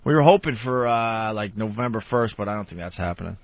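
A man's voice: fairly low pitch, animated, fairly quick, no room sound, dull audio. A man hosting a radio talk show, chatting bluntly and casually and swearing freely. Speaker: radio host.

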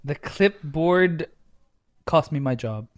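A man's voice: on the high side, expressive, takes it slowly, no room sound. A young man co-hosting a casual podcast, joking and swearing, laughing often. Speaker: podcast co-host. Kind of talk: casual banter.

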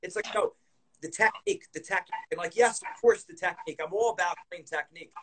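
A man's voice: high voice, fast talker, pushed and bright, a little hiss or hum, low-quality recording. A man hosting a casual interview, eagerly reflecting the guest's points back and stressing their value. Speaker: podcast host.

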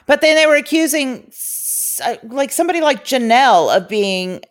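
Woman co-host with a lively pitch. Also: moderate pace. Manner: lots of short backchannel agreement. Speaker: podcast co-host. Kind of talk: casual chat.

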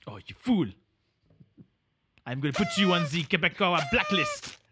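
A man's voice: high-pitched, big pitch swings, moderate pace, background noise. A man voicing a gloomy, scornful French-Canadian nemesis in a comedic podcast bit, sneering and calling others fools.

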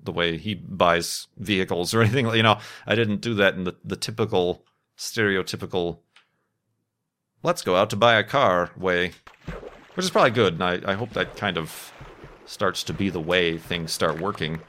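A man's voice: deep voice, moderate pace, pushed and bright. A man in his thirties chatting casually over gameplay, rambling and self-deprecating, laughing often between thoughts. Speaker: gaming YouTuber.

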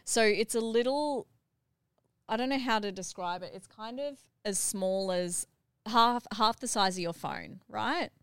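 A middle-aged woman hosting a family podcast, animated and laughing as she retells a family story. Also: mid-range voice, a little slow, clear, resonant tone, dry recording. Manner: animated, acts out what others said, laughs while telling. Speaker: podcast host and mother.

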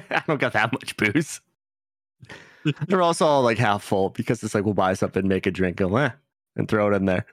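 Guy with a lowish voice joking thru an anime recap, dry close mic. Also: moderate pace, a bit bright, no room sound. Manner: joking, recapping episodes, laughing often. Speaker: podcast host. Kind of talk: casual anime podcast chat.

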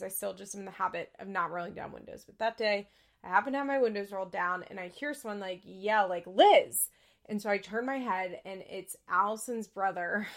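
A woman's voice: mid-range voice, a bit bright. A young woman hosting a podcast, chatting candidly about a reality show and swearing freely. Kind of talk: casual chat recapping a reality show.

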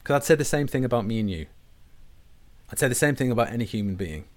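A man, hosting a conversation and explaining ideas in a measured way, often dropping low and quiet at the ends of phrases. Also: lively intonation. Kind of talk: conversational discussion.

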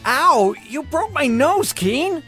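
A man voicing a high, pleading teen boy. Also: big pitch swings, unhurried, a bit bright, faint music behind, full character voice. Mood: pained. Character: teen boy, apologetic TikTok star. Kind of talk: animated story voice acting.

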